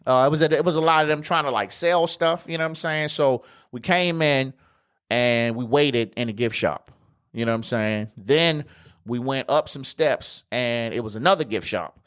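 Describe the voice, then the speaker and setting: A man's voice: medium pitch, normal speed, a bit bright, smooth. A man with an ordinary mid-range voice rambles through a travel story on his podcast. He talks casually, swears freely and leans on slang, filling the gaps with fillers as he goes. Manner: slangy and profane, heavy with fillers. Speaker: podcast host.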